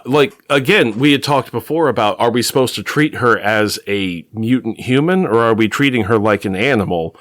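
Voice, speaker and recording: A man co-hosting a casual comic-book podcast, sarcastic and jokey, with quick asides. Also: mid-range voice, a bit bright, dry recording, clean studio sound. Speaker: podcast co-host.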